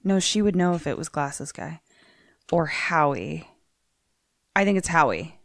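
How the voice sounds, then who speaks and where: Lively young woman, swearing and expressive. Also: low-pitched, a little slow, no room sound, studio quality. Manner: expressive, swears often, swings between musing and shocked outbursts. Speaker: podcast co-host reacting to a film recap. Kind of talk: casual chat.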